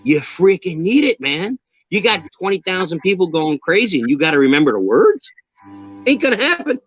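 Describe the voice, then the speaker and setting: A man with a New York accent talks in an animated, emphatic, joking way. His voice sits a little high, and the lo-fi call audio is dull. It sounds dry and close. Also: brisk, no echo, soft background music. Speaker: guest drummer. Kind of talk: casual interview chat. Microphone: video call.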